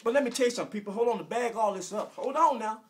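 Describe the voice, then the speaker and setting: A man in his forties from Arkansas with a Southern American accent, delivering an emotional, preachy rant that repeats phrases and bursts into shouts. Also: extremely high pitch, rapid-fire. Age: 40s. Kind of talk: impassioned direct-to-camera rant.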